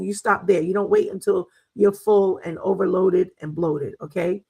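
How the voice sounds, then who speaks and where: A middle-aged woman hosts a wellness talk, chatting casually, telling stories, laughing often, and using plenty of fillers. Her medium-pitched voice is fairly even, a little slow, and slightly breathy, with hardly any pauses, on a low-quality recording.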